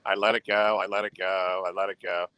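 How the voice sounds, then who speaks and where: A man with a very deep voice hosts his own livestream. He rambles and brags, circling back over the same phrases. The sound is dry, with no room echo at all. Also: flat delivery, a little fast, pushed and bright, clean tone. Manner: boastful and repetitive, goes on the offensive. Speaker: livestream host.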